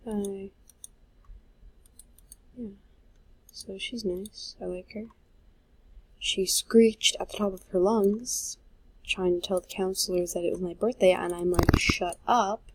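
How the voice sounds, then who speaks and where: A woman gaming vlogger rambles through casual gameplay commentary into a handheld mic while typing and playing, often trailing off and joking at her own expense. Her medium-pitched, slightly mellow voice is steady and slow with frequent pauses. The recording is rough, with a little hiss or hum.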